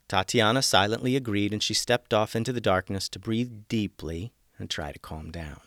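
Male storyteller host, expressive read-aloud, dry studio sound. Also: low-pitched, normal speed, few pauses, no echo. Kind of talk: children's story narration.

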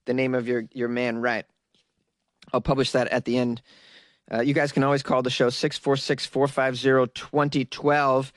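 A man's voice: on the high side, dry recording, studio quality. A man hosting a podcast, rambling in a chatty way, often laughing, recorded in a closet at home. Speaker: podcast host. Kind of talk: casual monologue.

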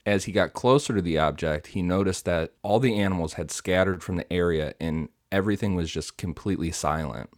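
A man's voice: sits low, fairly quick, few pauses, no echo, studio quality. A man hosting a podcast, retelling a story from notes with casual asides and fillers. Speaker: podcast host telling the story.

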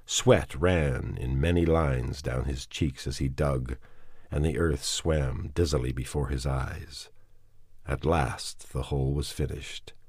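A man reading a novel aloud as audiobook narration, in a measured and somber way. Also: rumbling low, steady tone, a little mellow, husky, dry recording, studio quality. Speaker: audiobook reader.

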